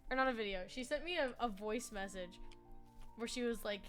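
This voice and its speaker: A young woman in her twenties talks casually through a gaming stream, rambling and giggling as she goes. Her voice sits a bit high, and music plays quietly behind her. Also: a little fast. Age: 20s.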